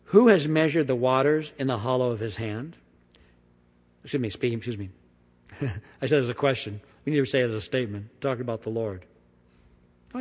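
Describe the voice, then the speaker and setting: Male preacher, sermon, emphatic scripture reading, swings loud and soft, long hall reverb. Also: breathy edge. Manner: emphatic reading with big swings of pitch and volume, dropping to quiet asides. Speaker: pastor.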